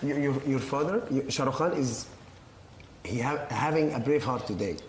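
A man with an Egyptian accent hosts a playful TV interview in halting broken English, stumbling and repeating words as he teases his guest. His first language is Arabic, and his pitch is mid-range for a man. Faint background noise sits under the voice. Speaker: TV prank show host.

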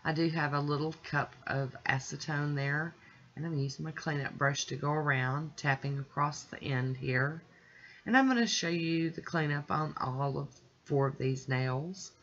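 A woman hosting her own nail art channel, narrating a tutorial in a chatty, relaxed way as she works step by step. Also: low voice, moderate pace, lo-fi sound.

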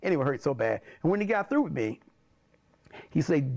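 Older pastor telling his stories; animated and chuckling, with a lively, rather high voice. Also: fairly quick, gravelly. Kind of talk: personal storytelling.

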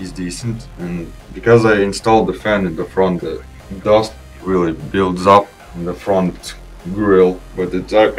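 A young Russian-speaking man with a deep voice hosts a PC gaming channel. Over gameplay footage, he gives a relaxed, meandering voice-over review of his gaming PC, casually restarting his sentences now and then.

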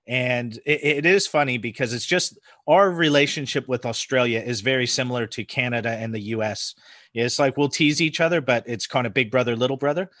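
A man in his forties from the United States with an American accent softened by New Zealand, chatting casually as a podcast guest and laughing often. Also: medium pitch, brisk, dry recording, studio quality. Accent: American with New Zealand influence. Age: 40s. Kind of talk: casual chat.

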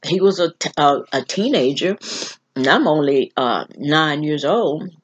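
A woman telling a personal story on her vlog in an earnest, halting way, often restarting. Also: sits low, animated, slightly rough, highs cut off. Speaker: vlog host.

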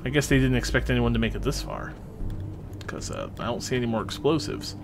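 A young man casually commenting on his gameplay, chatty and excitable, swearing freely as he plays. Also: medium pitch, a little fast, gravelly, over music. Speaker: let's play host.

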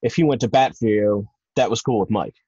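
A man's voice: lowish voice, fairly quick, mellow, breathy edge, no echo. A man hosting a podcast interview, asking questions and thinking aloud in a rambling way. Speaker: podcast host and wrestling promoter. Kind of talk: casual interview. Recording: dull, dry lo-fi sound.

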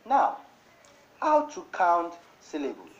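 Slow, lively Nigerian woman teacher. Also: fairly low pitch. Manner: slow, deliberate word-by-word dictation. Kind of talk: broadcast classroom lesson. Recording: dull lo-fi broadcast audio with faint noise.

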